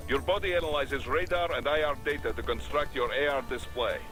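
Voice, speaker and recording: An actor playing a brisk male military commander who briefs a soldier. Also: medium pitch, over music, close to an everyday voice. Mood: briefing.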